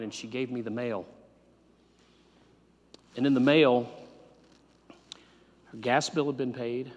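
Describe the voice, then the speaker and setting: A man in his fifties, a pastor preaching a sermon and telling a personal story, swinging between loud animated bursts and quiet low asides. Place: church sanctuary. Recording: long hall reverb.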